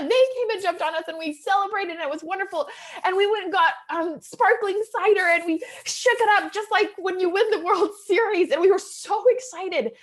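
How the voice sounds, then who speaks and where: A woman's voice: very high-pitched, a little fast. A woman in her thirties, a real estate investor, telling an earnest and emotional personal story to an audience. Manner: emotional, earnest storytelling that swings from hushed to excited.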